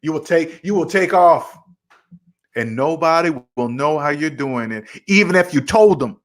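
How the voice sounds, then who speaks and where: A young man hosting a casual livestream about money, animated and acting out both sides of imagined conversations as he answers chat. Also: fairly high pitch, normal speed. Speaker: finance channel host.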